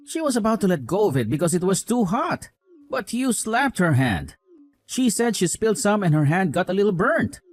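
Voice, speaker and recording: A man's voice: high voice, very animated, moderate pace. A man voicing a young husband who scolds his wife with contempt and sides with his mother in a voiced drama story. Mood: scolding.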